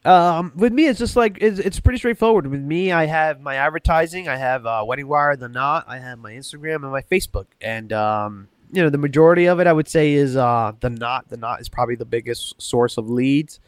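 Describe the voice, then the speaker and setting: A man's voice: a little high, fairly quick, few pauses, no echo, clean studio sound. A man talking as a guest on a podcast, rambling casually with many restarts and self-corrections. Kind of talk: casual chat.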